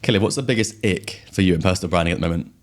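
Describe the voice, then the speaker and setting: Young male host, West Country accent, low voice, quick and friendly. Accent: West Country English. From southwest England. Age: young adult. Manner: quick, friendly, agreeable interjections. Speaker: podcast host. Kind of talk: conversational interview.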